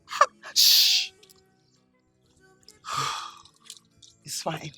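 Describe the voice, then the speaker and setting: A woman's voice: extremely slow, sharp tone, faint music behind, full character voice. An actress with a Nigerian accent playing a betrayed young woman who lashes out at her lover. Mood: resigned. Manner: accusing, bitter. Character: jilted young woman, furious then resigned.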